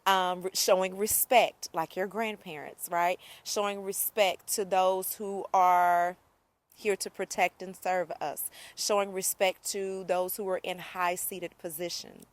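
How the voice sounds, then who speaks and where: A woman's voice: lowish voice, fairly even intonation, a little slow, no room sound. Chatty woman teaching, dry close sound. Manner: upbeat, chatty, checks in with "okay?" and "right?". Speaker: Spanish teacher. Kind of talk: casual video lesson.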